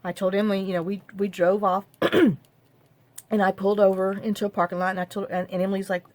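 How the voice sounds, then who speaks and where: A middle-aged woman telling a personal story to camera, halting and full of fillers. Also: medium pitch, flat delivery, a little mellow, no room sound. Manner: halting, many fillers and repeated "I said". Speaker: craft vlogger.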